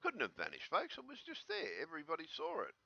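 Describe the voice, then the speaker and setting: A man without his teeth in, slightly slurred, rambling in an agitated, excitable casual vlog commentary on a dull lo-fi recording. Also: fairly high pitch, quick pace, creaky, no room sound. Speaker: vlogger.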